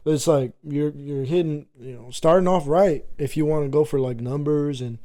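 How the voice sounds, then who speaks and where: A young man co-hosting a podcast, joking loudly and swearing in casual chat. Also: a little high, normal speed. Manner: loud, joking, swearing often, says bro a lot. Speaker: podcast co-host.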